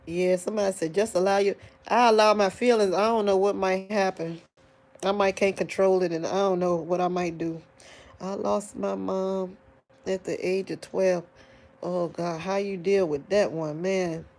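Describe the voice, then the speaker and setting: A woman's voice: medium pitch, fairly even intonation, a little mellow. A grieving adult woman, speaking to her online viewers in a tearful, rambling live-stream monologue, sighing, her voice breaking into crying. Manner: rambling, halting restarts, addresses audience as y'all. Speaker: vlogger talking to online viewers.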